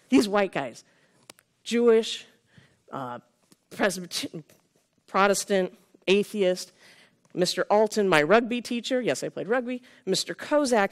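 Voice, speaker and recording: A woman in her fifties from California gives a conference keynote in a conversational way, often checking in with the audience with "right?". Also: fairly low pitch. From Sonoma County, California. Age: 50s. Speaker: keynote speaker. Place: conference room with a live audience.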